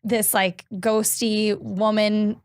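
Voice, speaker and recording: A woman's voice: mid-range voice, flat delivery, slow, no echo, clean studio sound. A woman from North Carolina, a guest on a podcast, telling a story in a rambling, chatty way. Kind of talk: casual chat.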